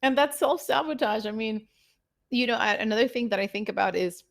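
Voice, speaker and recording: A woman co-hosting a podcast in casual chat, lively, often acting out her own inner voice. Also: a little high, brisk, creaky, no room sound. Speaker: podcast co-host.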